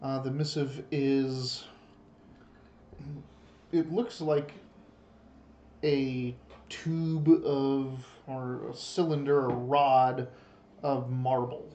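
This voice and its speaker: A man's voice: mid-range voice, level tone, very slow, pauses often, warm tone, echoey room, slight background noise. A man narrating a tabletop game as game master, describing the scene with frequent hesitations. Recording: muffled lo-fi recording.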